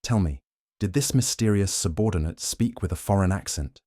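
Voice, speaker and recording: A man playing a calm, keen-eyed detective in a storybook reading. He talks in a smooth, measured, almost kind way, with a very deep and mellow voice. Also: no echo, clean studio sound.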